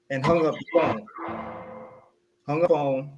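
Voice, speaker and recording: A man's voice: a little high, unhurried. A young man from South Carolina telling a personal story in casual podcast chat, acting out the people he quotes. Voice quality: animated, acts out quoted voices. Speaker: podcast co-host.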